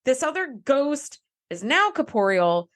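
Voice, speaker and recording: Woman co-host, expressive sing-song delivery, slightly high, conversational. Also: a little slow. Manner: lively, exasperated commentary. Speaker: podcast co-host. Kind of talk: casual chat.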